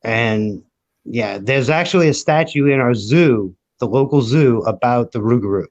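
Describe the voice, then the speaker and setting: A man's voice: mid-range voice, moderate pace. Laid-back podcast man, dull lo-fi sound. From Louisiana, USA. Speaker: podcast co-host. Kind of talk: casual chat.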